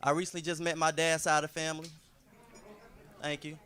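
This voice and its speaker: A man from St. Louis performing stand-up with a laid-back, conversational delivery. His voice is a bit high and bright, with a sharp, forward edge. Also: monotone, fairly quick. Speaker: stand-up comedian. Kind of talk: stand-up comedy set.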